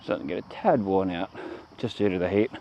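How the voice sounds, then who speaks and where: Outdoors on a country roadside, an Australian man films himself on a camera he carries, rambling off the cuff and trailing off mid-thought. His voice is deep and fairly quick. The audio sounds dull, with slight background noise.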